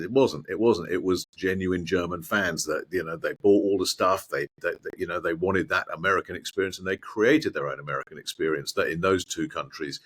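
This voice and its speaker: A middle-aged man, a guest in a conversation, telling animated anecdotes with mild swearing and frequent restarts. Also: low voice, brisk, hardly any pauses, breathy edge. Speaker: guest, former sports broadcaster.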